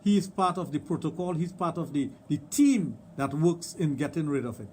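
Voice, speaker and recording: A man's voice: a little high, lively intonation, moderate pace, warm tone, slight background noise. A middle-aged man with a Trinidadian accent hosting a radio talk show, telling stories emphatically and repeating his points. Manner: emphatic, storytelling, repeats phrases. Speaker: radio show host, sexologist. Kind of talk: casual radio chat.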